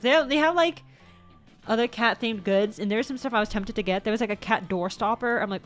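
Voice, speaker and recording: A fairly quick, higher-pitched woman's voice carries over faint background music. She's a VTuber vlogger from the United States casually showing off her purchases, wandering off track, correcting herself, and swearing occasionally.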